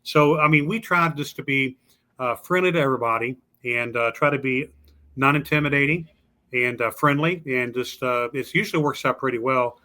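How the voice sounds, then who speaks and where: A man's voice: mid-range voice, normal speed, bright, forceful tone. A man telling stories as a podcast guest in a folksy, drawling way, acting out the voices of the people he met. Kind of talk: casual storytelling. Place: lives in Louisville.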